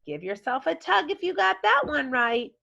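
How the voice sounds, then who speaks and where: A woman's voice: high-pitched, very animated, normal speed, creaky, pushed and bright, muffled recording. A woman teaching a recorded vocabulary lesson to children, encouraging them and modeling words in playful voices. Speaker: elementary school teacher.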